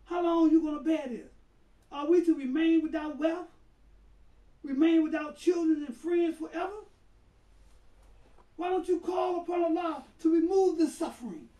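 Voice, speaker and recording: A man's voice: very high-pitched, normal speed, pauses often, mellow, pitched above the performer's own voice. A desperate wife begs her husband to ask for relief, her pleading voice raised and urgent, as a preacher acts her out. The sound is distant and roomy, carried through a large echoing space. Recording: roomy hall, voice far from mic.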